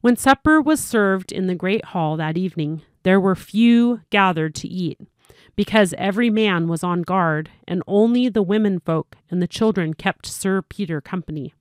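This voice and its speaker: A woman reading a storybook aloud as narrator, steady and clear, with small slips. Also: lowish voice, no room sound, studio quality.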